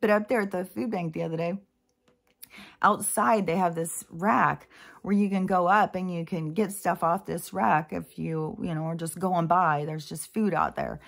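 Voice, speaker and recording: A woman's voice: fairly low pitch, steady tone, normal speed, creaky. A woman vlogger talking in a rambling, casual monologue, full of fillers and asides. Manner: chatty, meandering, many fillers and asides.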